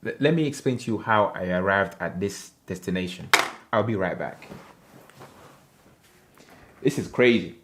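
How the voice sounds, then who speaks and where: A man's voice: sits low, lively intonation, moderate pace, long pauses, very noisy. A man from Africa chatting casually on a livestream, reading viewer comments in a playful, rambling way and laughing often.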